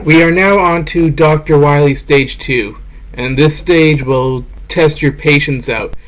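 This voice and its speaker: A man's voice: on the high side, a little slow, poor audio. Casual man narrating gameplay. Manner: casual, frank, swears when frustrated. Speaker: game reviewer host. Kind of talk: voice-over gameplay commentary.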